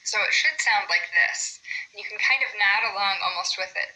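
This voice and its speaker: A woman teaching a class about meter in poetry. She explains patiently and says the example names slowly, stressing their syllables. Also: mid-range voice, pushed and bright, poor audio.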